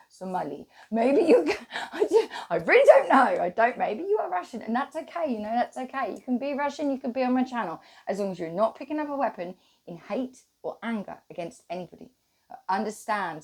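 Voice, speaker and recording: A woman's voice: mid-range voice, darkish tone. A woman hosting her own channel, talking to viewers in a rambling, wandering monologue and swearing freely. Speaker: channel host.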